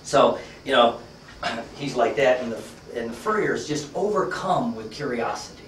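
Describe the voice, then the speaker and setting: A man's voice: mid-range voice, animated, moderate pace, echoey room, distant mic, a little hiss or hum, low-quality recording. A man teaching a workshop class, telling a story in a conversational, folksy way with lots of fillers. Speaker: workshop trainer.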